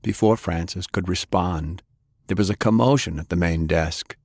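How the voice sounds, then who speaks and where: Brief: audiobook narrator, male, measured, very low voice, dry close sound. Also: a little mellow, husky, no echo.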